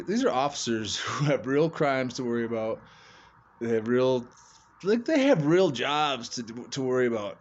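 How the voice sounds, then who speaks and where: A man telling a rambling comic true story in casual talk, cursing and laughing as he goes. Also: mid-range voice. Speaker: storyteller doing comedy shorts. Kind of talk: casual spoken anecdote. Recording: dull lo-fi with faint room noise.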